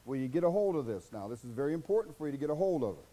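A pastor preaches a sermon in a folksy, colloquial style, very animated and rapid-fire, dropping to low murmurs before rising into loud, high bursts. The recording is rough.

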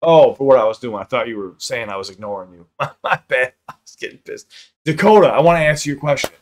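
A man casually chatting on a livestream while high, swearing a lot and reading chat aloud. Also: expressive, quick pace. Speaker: live streamer.

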